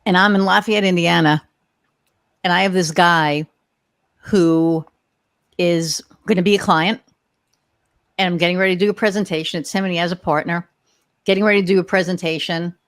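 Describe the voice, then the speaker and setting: A woman's voice: on the low side, steady tone, moderate pace, pauses often, clean tone, no room sound, studio quality. A woman in her sixties hosting a podcast, telling rambling, chatty stories and joking about her age. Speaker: podcast host. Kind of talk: casual conversational interview.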